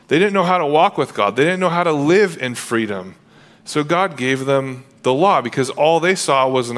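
A man's voice: fairly high pitch, a bit bright. A man preaching a sermon as pastor, earnest and conversational, acting out quoted dialogue along the way. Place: church sanctuary.

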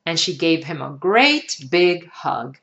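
A woman reading a children's picture book aloud in an expressive storytelling manner. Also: low-pitched, slow, gravelly, highs cut off, slight background noise. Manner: expressive, sing-song storytelling.

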